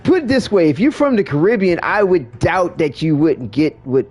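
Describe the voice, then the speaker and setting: A man's voice: fairly high pitch, expressive, moderate pace, darkish tone, highs cut off, faint music behind. A man streaming a game, chatting casually with viewers in a rambling way, full of restarts and fillers. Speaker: livestreamer. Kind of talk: casual chat while gaming.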